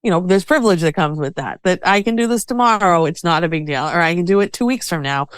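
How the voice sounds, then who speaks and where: A woman talking as a podcast guest about self-care, animated, sometimes acting out voices in her head as quotes. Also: mid-range voice, fairly quick, hardly any pauses, clean tone, no room sound. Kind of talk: conversational interview.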